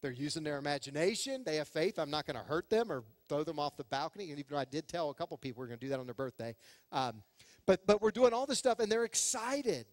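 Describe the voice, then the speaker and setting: A middle-aged man preaching a sermon as pastor, animated and acting out the voices he quotes. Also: a little high, fast talker, dry recording, in a large hall. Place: church sanctuary.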